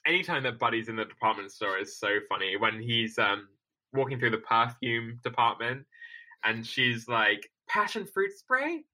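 A man co-hosting a casual chat, animated and laughing often as he recalls favorite film lines. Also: mid-range voice, moderate pace, low-quality recording. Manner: animated, laughing, quotes lines in playful voices. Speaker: podcast co-host.

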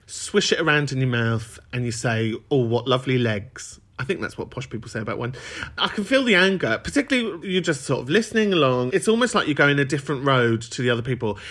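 A man's voice: medium pitch, fairly bright tone. A man hosting a podcast, chatting and joking in a camp, chatty way, with big laughs. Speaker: podcast host. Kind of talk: casual chat.

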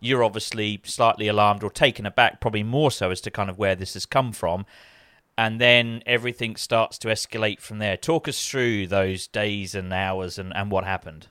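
A male interviewer laying out past events in a measured way before asking his guest a question. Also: lowish voice, fairly even intonation, bright, forceful tone, clean tone, dry recording, studio quality.

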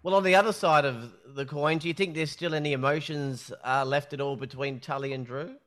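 A playful, gossipy man hosts a casual interview, his voice pitched a little high for a man. He often stumbles and restarts his words as he asks his questions. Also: a little fast, fairly bright tone. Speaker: podcast host.

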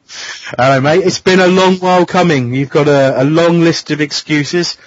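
A man's voice: on the high side, moderate pace. A man hosting a casual radio show, teasing his co-hosts. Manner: teasing, jokey. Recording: dull dry lo-fi radio studio sound.

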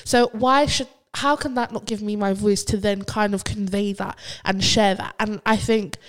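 A poet in her 20s appears as a podcast guest, chatting animatedly in a medium-pitched voice at normal speed. She's expressive throughout this casual talk and mock-quotes other people.

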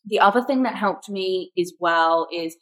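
A woman's voice: mid-range voice, moderate pace, rough recording. A young woman guest on a podcast, speaking reflectively and openly about personal struggles. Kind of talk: candid conversational interview.

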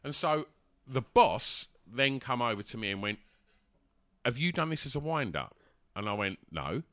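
A man tells a rambling anecdote, full of fillers and restarts. His voice is bright and swings widely in pitch. The sound is close and dry, with no room in it. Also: big pitch swings, normal speed, no room sound. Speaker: guest telling a story. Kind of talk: casual anecdote.

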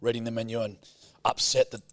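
A young Australian man hosting a podcast who tells travel yarns in a casual, sweary, animated way. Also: medium pitch, brisk, no room sound. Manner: sweary, animated yarn-spinning. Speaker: podcast host. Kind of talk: casual storytelling chat.

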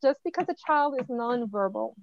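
A high-pitched woman from Quebec, telling her stories with animation and acting out quoted lines, laughing often. Her audio is dry and a little muffled, as if recorded over a remote call. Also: lively intonation, normal speed, vocal fry, no echo. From Quebec, Canada. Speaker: guest. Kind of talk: casual conversational interview.

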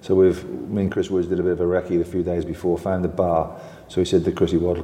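An older man with a lively, anecdotal storytelling manner, recounting old football tales as an interview guest and laughing often. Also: low-pitched, fast talker, hardly any pauses, echoey room, in a large hall.

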